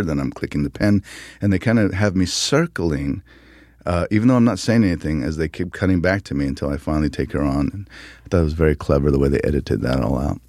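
A man from the United States, an actor guest telling stories in an interview, animated and laughing, often acting out quotes. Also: low-pitched, no room sound, studio quality. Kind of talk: casual interview storytelling.

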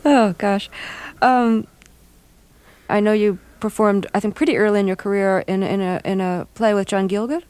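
A woman hosting a radio interview, introducing her guest and asking questions in a measured way. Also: medium pitch, fairly even intonation, a little mellow, clean tone, dry recording. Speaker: interviewer host.

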